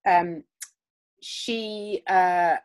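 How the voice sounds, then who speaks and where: A woman's voice: on the low side, steady tone, drawn-out words, smooth. A woman co-hosting a podcast on a video call, rambling through an episode recap with lots of fillers. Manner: rambling, with many fillers and retellings of scenes. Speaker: podcast co-host. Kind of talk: casual chat recapping a TV episode. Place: home, recording remotely.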